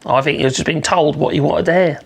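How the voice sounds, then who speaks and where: A woman's voice: sits low, quick pace, creaky, husky. A woman hosting her channel, reading a news story aloud and commenting on it sarcastically, with sighs and wry asides. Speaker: channel host.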